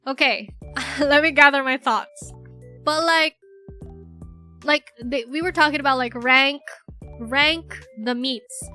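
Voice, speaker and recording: Bright-voiced, giggly young woman streamer. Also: high voice. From Philippines. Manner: rambling, giggly, filler-heavy, self-mocking. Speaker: VTuber streamer. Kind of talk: casual livestream chat.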